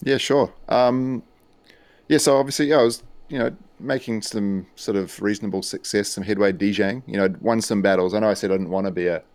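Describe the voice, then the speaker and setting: A man's voice: on the low side, fairly quick, no room sound. A New Zealand man, a music producer and DJ, chatting casually as a podcast guest, rambling with lots of fillers. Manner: relaxed, rambling with many fillers.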